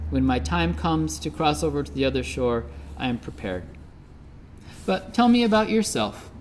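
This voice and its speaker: The storyteller voices a calm, compassionate Buddhist teacher who speaks softly and patiently. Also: medium pitch, a little hiss or hum, natural voice. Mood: serene. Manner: gentle, soft-spoken, patient.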